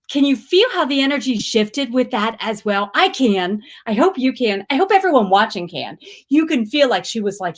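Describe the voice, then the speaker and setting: A woman's voice: a little high, sing-song, normal speed, hardly any pauses. A middle-aged woman hosting a spiritual livestream, chatting casually and reading viewer comments aloud with gushing enthusiasm and squealing cheers.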